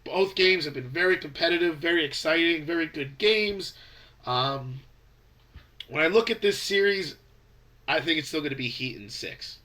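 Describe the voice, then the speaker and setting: A man's voice: on the high side, normal speed, bright, forceful tone. Congested young man talking basketball. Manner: rambling, restarts, opinionated predictions. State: congested from a cold. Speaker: basketball fan vlogger. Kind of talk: casual sports commentary vlog.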